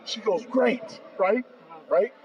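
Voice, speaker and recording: A man in his fifties, a podcast guest, telling a long anecdote with lively acted-out dialogue and frequent "bro.". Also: fairly high pitch, normal speed, a crowd in the background. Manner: lively storyteller acting out both sides of phone calls, says "bro" often. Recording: distant, dull and noisy.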